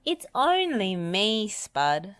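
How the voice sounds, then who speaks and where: A capable female builder, as a woman reading aloud puts her on. She speaks in a brisk, reassuring way, and her voice rises and falls a lot. It is a warm storybook read-aloud voice. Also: mid-range voice, big pitch swings, no echo, pitched above the performer's own voice, exaggerated voice.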